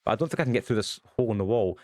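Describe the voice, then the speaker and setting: A man's voice: on the low side, animated, a little mellow, no room sound. Goofy chatty man streaming. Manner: goofy, chatty, quick bursts with many ums. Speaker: game streamer. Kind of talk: casual livestream chat while gaming.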